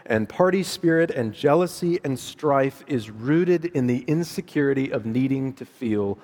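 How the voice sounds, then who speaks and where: A middle-aged man preaching a sermon in a conversational, animated way, laughing at his own asides. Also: mid-range voice, a little slow. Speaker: pastor. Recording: long hall reverb.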